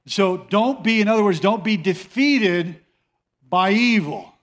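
A man's voice: high-pitched, animated, measured pace. A male pastor preaching a sermon in a conversational way, repeating phrases for emphasis.

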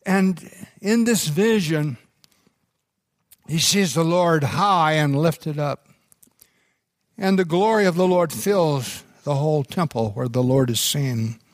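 A middle-aged pastor preaching a sermon, his voice sitting a bit higher than most men's. He moves slowly and deliberately through his stories, circling back on himself now and then. The recording is dry and close, with little room sound. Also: dry recording. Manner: unhurried storytelling delivery with restarts.

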